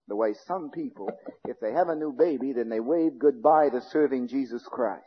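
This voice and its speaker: A male pastor preaching a fiery sermon, swinging between shouting and low, intense speech, in a church sanctuary. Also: moderate pace, breathy edge. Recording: dull lo-fi recording with long hall reverb.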